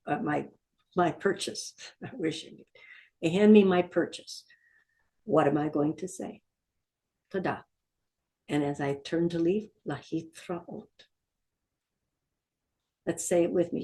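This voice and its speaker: A woman's voice: fairly low pitch, a little mellow. A woman teaching a beginner Hebrew lesson, patiently repeating each word for learners to say back. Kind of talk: language lesson.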